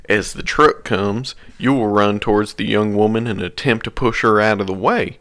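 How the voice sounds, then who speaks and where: A man's voice: on the low side, normal speed, few pauses, fairly bright tone. A man reading a creepy story aloud to friends in a casual chat, often breaking into laughter as he reads. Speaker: story reader among friends.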